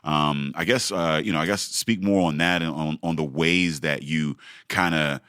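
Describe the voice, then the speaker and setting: Male podcast co-host, very low and bright, rambly and loose, dry mic. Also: fairly even intonation, moderate pace, clear, resonant tone, no echo. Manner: rambling, lots of fillers, crude jokes. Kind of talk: casual chat.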